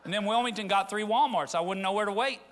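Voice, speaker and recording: A man's voice: high-pitched, fast. A middle-aged man from rural Arkansas, preaching a conversational sermon that rises into fervent appeals. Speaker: pastor.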